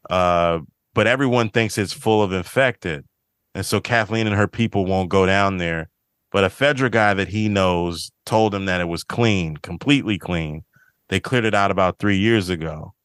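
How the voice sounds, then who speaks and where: Deep-voiced man in casual recap chat. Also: normal speed, clear, resonant tone, dry recording, clean studio sound. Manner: relaxed, retells scenes with quoted lines. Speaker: podcast host.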